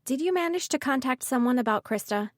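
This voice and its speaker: A woman's voice: high-pitched, expressive, a little fast, no echo, clean studio sound, voice pushed up. A woman voicing an earnest, easily flustered teenage girl of seventeen in an audiobook. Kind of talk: audiobook character voice.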